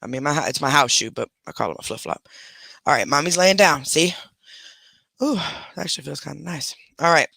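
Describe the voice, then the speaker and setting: A man's voice: on the high side, brisk, creaky, sharp tone, husky, no echo. A man hosting a casual live stream from bed at home, rambling through stories and stopping to talk to his pets. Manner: rambling, chatty, talks to pets between stories. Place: at home in a bedroom, lying in bed.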